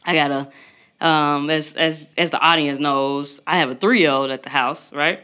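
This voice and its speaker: A woman in her thirties co-hosting a casual parenting podcast, telling stories in an animated way and acting out the voices of others. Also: sits low, normal speed. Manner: animated storytelling, acts out quotes. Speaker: podcast co-host. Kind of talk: casual chat.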